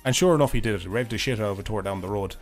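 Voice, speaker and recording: A young Irish man streaming a game, chatting casually in a rambling way, swearing freely and laughing often, his voice hoarse and failing. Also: lowish voice, rapid-fire, faint music behind. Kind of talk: casual livestream chat while gaming.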